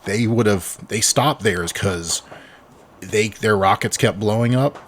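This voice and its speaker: In a fairly low, slightly slow, somewhat bright voice, a man co-hosts a casual podcast chat, with a little hiss or hum in the recording. He rambles through his explanations and lets the occasional swear word slip.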